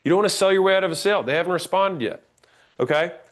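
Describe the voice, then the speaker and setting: A man teaching a sales class, blunt and emphatic, demonstrating pauses and rising inflection as he explains. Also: sits high. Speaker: sales trainer. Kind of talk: instructional talk on sales tonality.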